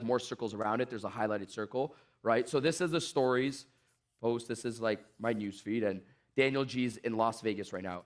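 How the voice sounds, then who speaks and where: A man giving an energetic stage talk on sales, telling animated stories and acting out the dialogues. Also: a little high. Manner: animated storytelling, acts out dialogues. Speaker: motivational sales speaker.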